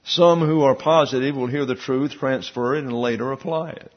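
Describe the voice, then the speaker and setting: A man's voice: medium pitch, moderate pace, muffled recording. A man preaching a Bible teaching sermon, explaining verses and tossing in asides and questions to the congregation. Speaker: pastor.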